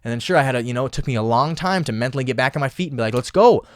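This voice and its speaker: A young man hosts a casual motivational podcast solo, speaking impassioned and emphatic, often repeating phrases. His mid-range voice races along with a fairly bright tone. The sound is clean studio audio with no room sound.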